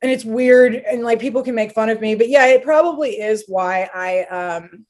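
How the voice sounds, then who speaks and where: Animated, blunt American woman guest. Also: on the high side, moderate pace. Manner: animated, blunt, swears freely. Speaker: podcast guest. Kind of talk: casual interview chat.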